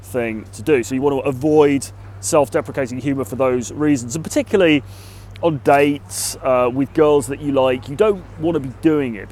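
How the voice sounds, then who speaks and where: A man's voice: medium pitch, darkish tone, a little hiss or hum. A British man who coaches on dating gives casual advice to the camera outdoors in a city. He talks in a chatty way and hedges a lot with "sort of" and "kind of". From Britain.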